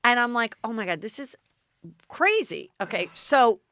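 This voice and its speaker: Bright, animated American woman telling stories. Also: on the high side, moderate pace, no echo. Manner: animated, dramatic retelling with quoted voices. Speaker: podcast host. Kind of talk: casual storytelling chat.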